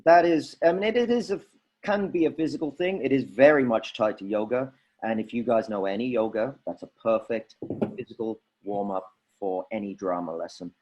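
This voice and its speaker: A man leading a drama workshop for teachers, coaching lively and demonstrating vocal warm-up drills. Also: medium pitch, fairly quick, muffled recording.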